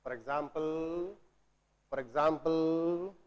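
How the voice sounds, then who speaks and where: A man teaching a grammar lesson. He repeats words, asks questions and answers them himself, and clears his throat now and then. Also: a little high, slow. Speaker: English teacher. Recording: long reverb, as in a hall.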